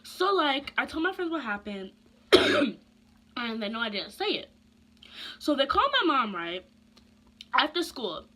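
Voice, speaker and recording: A young woman vlogger, her voice bright, crisp, and a little high, tells a casual storytime. She's chatty and animated, packing in slang and quick asides.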